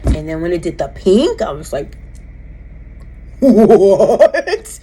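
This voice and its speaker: A woman telling a personal story in a casual, animated way, emphatic and rambling with restarts. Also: deep voice, a little fast, a little hiss or hum, low-quality recording. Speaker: vlogger recounting a personal experience.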